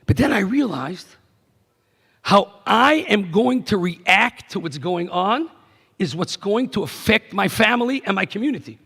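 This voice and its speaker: A middle-aged man, a rabbi giving a keynote address, telling stories in an animated way that swings from hushed to emphatic. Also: high voice, a little slow, vocal fry, slightly rough. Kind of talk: storytelling speech. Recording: echoey banquet hall PA.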